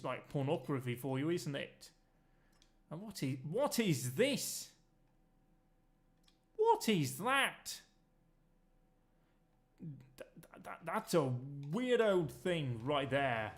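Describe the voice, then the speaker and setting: A man's voice: a little high, creaky. A man giving rambling, jokey let's-play commentary while streaming a farming game, swearing freely.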